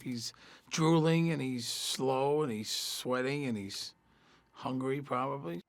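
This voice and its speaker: A man chats about his voice work with easy enthusiasm. His voice is gravelly and the sound is close and dry. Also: mid-range voice, takes it slowly, no room sound. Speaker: voice actor. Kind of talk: promotional interview.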